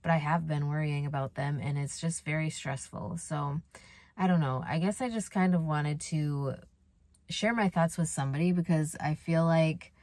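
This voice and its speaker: Young woman vlogger, low voice, worried and rambling, close dry sound. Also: normal speed, darkish tone, no echo. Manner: worried, rambling, many fillers and restarts. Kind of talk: casual confessional vlog.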